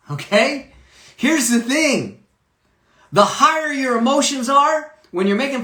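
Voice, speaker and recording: A man's voice: extremely high pitch, big pitch swings, takes it slowly, pushed and bright, reverberant. A man giving a live motivational talk about money, emphatic, repeating key phrases and checking in with "okay?".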